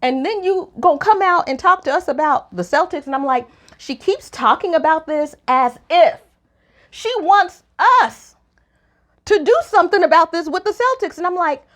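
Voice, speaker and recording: A woman co-hosting a relationship podcast, talking in a lively, opinionated way, her voice jumping up high when she is incredulous. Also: normal speed. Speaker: podcast co-host. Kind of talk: casual opinion chat.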